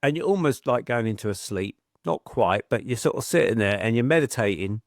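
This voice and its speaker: A man's voice: mid-range voice, animated, brisk, dry recording, clean studio sound. A middle-aged man, a podcast guest telling chatty anecdotes and acting out quoted voices. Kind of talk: casual storytelling.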